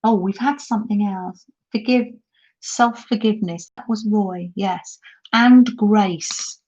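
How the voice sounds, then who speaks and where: A woman's voice: mid-range voice, slow pace, warm tone, highs cut off. A middle-aged woman hosting a casual craft live stream, chatting and reading viewer comments aloud with frequent laughs. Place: holiday home, indoors at a craft table. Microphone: laptop mic.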